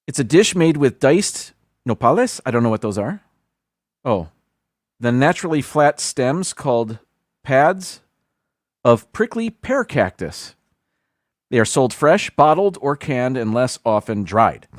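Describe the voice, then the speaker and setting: A man's voice: mid-range voice, sing-song, measured pace, long pauses, dry recording, clean studio sound. A man hosting a livestream, casually reading a list aloud, stumbling over foreign words and adding self-deprecating asides. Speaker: livestream host.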